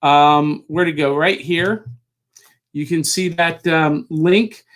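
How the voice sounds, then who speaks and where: A male podcast host with a high voice talks slowly and haltingly. He fills his pauses with ums and uhs while he sets things up for his guest. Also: steady tone, fairly bright tone. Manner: halting, filler-heavy. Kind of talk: casual interview hosting.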